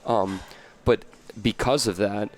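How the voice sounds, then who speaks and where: Male guest, from the US, lowish voice, loose and meandering delivery. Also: steady tone, slow pace. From United States. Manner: rambling, many fillers and restarts. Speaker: podcast guest, entrepreneur. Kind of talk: casual interview chat.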